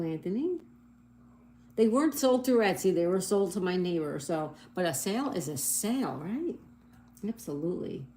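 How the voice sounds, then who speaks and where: A middle-aged woman with a dark, mid-range voice hosts a casual livestream, cheerfully chatting as she reads viewer comments and spells crossword answers letter by letter. She apologizes over slips, and there's slight background noise.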